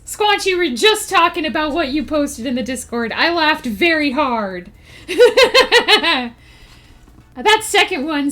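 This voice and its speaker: A woman's voice: sits high, fairly bright tone. A woman streamer chatting casually with her live chat, reacting to messages and laughing often. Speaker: streamer and writer.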